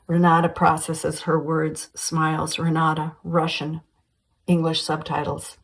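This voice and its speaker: A woman reading a screenplay aloud, calmly stating scene headings and directions. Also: sits low, unhurried, poor audio. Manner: steady, matter-of-fact delivery of scene directions. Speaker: screenplay reader.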